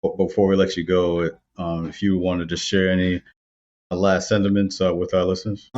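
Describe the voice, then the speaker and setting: Deep-voiced podcast host, dull audio. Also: male voice, moderate pace, a little hiss or hum. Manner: relaxed, with frequent "uh" fillers. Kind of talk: casual podcast hosting.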